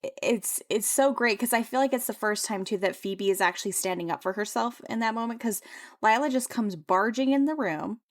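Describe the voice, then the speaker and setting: A young woman co-hosting a book club podcast, chatting casually and retelling scenes with animated, playful energy. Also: on the high side, fairly quick.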